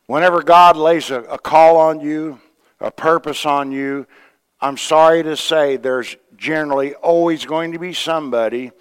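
A man's voice: medium pitch, smooth, in a large hall. A man preaching a sermon, retelling a scripture story in a folksy way with quoted voices and asides to the church. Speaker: pastor.

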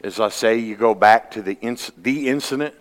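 A man preaching a sermon, earnest, climbing to emphatic peaks and then dropping low. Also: moderate pace. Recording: long hall reverb.

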